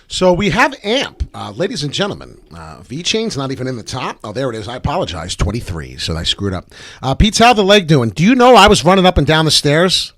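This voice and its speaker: A man hosting a live crypto trading stream, brash and profane, talking fast with lots of filler ums. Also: fairly high pitch, big pitch swings, a bit bright, dry recording. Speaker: crypto trading livestream host. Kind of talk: live market commentary.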